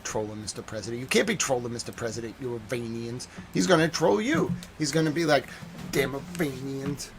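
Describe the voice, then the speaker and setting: A man with a medium-pitched voice hosts a live stream, reacting to news footage with jokes and repetition, swinging between loud outbursts and quiet muttering. Slight background noise is present.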